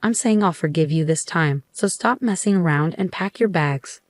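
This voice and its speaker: A snide, scornful husband who talks down to his wife and rants at her, read by a woman narrator in her own lowish voice. The sound is dry, close and free of room echo. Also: normal speed, lightly acted. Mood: angry. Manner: snide, ranting. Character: scornful condescending husband, adult man.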